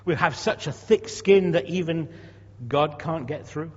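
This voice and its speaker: In a church, a man in his sixties preaches a sermon conversationally, asking rhetorical questions and repeating words as he goes. His voice is fairly high and husky at a measured pace, and the hall recording sounds dull and echoey.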